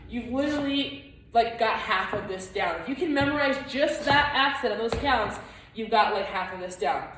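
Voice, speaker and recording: Woman dance teacher, bright-ish voice, counts beats aloud, roomy far mic, loud music behind. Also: a little high, moderate pace, slight background noise. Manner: chants rhythms and counts aloud. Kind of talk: dance class instruction with sung counts.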